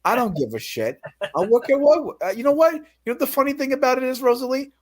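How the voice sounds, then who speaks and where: A man's voice: very high-pitched, expressive, fast. A man ranting on a livestream about being fired as a cashier, profane and acting out the voices of the people he quotes. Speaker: fired store cashier telling his story.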